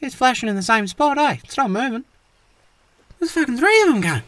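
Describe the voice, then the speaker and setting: A man voicing a crude, cheeky Australian bloke in a cartoon with a shrill, cockatoo-like voice, swearing constantly. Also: big pitch swings, a bit bright, dry recording, exaggerated voice. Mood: excited. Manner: swears constantly, quick comebacks. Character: squawky wiry Aussie bloke, crude and cheeky. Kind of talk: animated cartoon voice acting.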